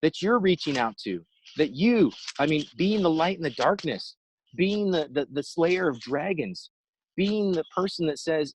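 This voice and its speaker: A man giving an inspirational talk over a video call, telling a story with lively acted-out quotes. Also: fairly high pitch, unhurried, slightly rough, dry recording, poor audio. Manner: animated storyteller, acts out quotes. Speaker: inspirational speaker.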